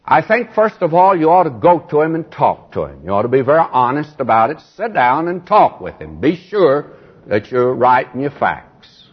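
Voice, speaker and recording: An older man preaching a Bible sermon in a folksy, emphatic way, voice climbing high when he mocks. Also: very animated, moderate pace, slightly rough. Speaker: Bible teacher. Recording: dull lo-fi old recording.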